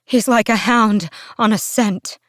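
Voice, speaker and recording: A woman's voice: fairly high pitch, slow, no room sound, clean studio sound, pitched above the performer's own voice. A woman reading aloud, voicing a desperate, out-of-breath young female assassin in an urgent, panting voice.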